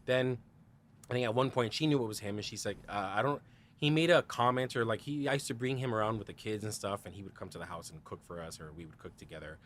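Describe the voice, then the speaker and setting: Here a man with a fairly low voice talks fast. A guest on a podcast, he shares a candid personal story thick with "like" and "you know," voicing the people in it through dialogue and laughing often.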